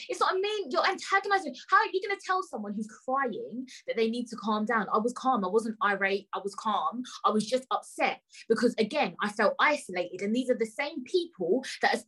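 A woman's voice: fairly high pitch, a bit bright, slightly rough, low-quality recording. A woman hosting a podcast, telling a story in an indignant, emphatic way, swearing freely and talking straight to her listeners. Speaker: podcast host. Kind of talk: casual storytelling rant.

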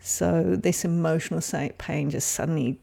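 A woman hosting a solo podcast, speaking in a gentle, caring and reflective way. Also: low voice, fairly even intonation, normal speed, vocal fry, breathy edge. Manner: gentle, soft-spoken, caring. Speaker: podcast host.

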